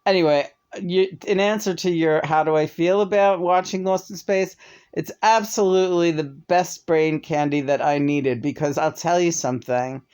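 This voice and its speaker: A woman's voice: deep voice, fairly even intonation, moderate pace, darkish tone, clean tone. Candid, chatty woman co-host. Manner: chatty and candid, swears freely. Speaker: co-host of a couple's show. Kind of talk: casual chat.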